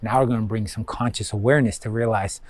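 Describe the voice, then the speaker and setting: A man's voice: fairly low pitch, fairly even intonation, quick pace, darkish tone, dry recording. A man guiding students through a spiritual course review in a loose, rambling way, full of fillers and acted-out inner thoughts. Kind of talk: casual recorded course talk.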